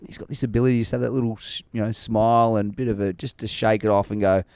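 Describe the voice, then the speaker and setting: A man's voice: on the low side, fast, clean tone, no room sound. An Australian man, a former cricketer, chatting animatedly and laughing as he tells stories. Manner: animated storyteller, laughs often. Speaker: cricket podcast guest, former player. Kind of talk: casual chat.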